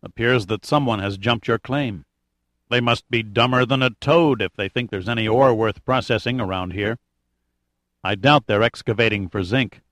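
A man's voice: medium pitch, normal speed, a bit bright, no echo, close to an everyday voice. A man reading an audiobook, voicing a cool-headed adult male leader who speaks tersely with dry wit. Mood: low, terse.

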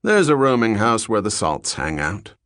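A man's voice: on the low side, wildly swooping pitch, moderate pace, a bit bright, dry recording, clean studio sound. A man voicing a brash, gossipy young Marine private who speaks bluntly. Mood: cheeky.

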